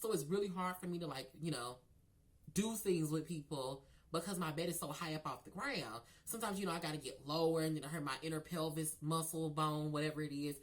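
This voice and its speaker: A man's voice: fairly high pitch, a little fast. A man telling a casual storytime to viewers, sassy and gossipy, calling them girl and y'all. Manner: animated with laughs and sudden loud outbursts. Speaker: storyteller vlogger.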